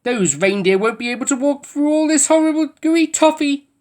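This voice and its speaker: A woman's voice: sits high, expressive, normal speed, a little mellow, voice pushed up. A woman reading a storybook aloud, voicing a sly male goblin with a nasty, snickering manner. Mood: sneering. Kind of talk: storybook voice acting.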